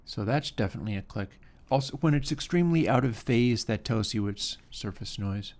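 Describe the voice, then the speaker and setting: A man's voice: mid-range voice, a little fast. A man hosting a livestream, giving casual, musing technical commentary while he edits audio. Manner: relaxed, musing, talks while working. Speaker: livestream host.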